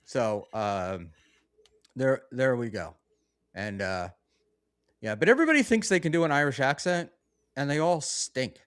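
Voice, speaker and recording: A man's voice: mid-range voice, expressive, a little slow, pauses often, fairly bright tone, clean tone, no echo, clean studio sound. A man hosting a live-streamed talk show, chatting casually, reading out donations and calling himself a control freak. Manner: bossy, reads out donations. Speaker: podcast host.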